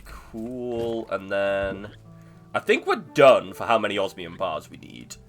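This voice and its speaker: Animated, chatty male game streamer. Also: lowish voice, soft background music. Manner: chatty, self-mocking, quick to laugh. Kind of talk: live gameplay commentary.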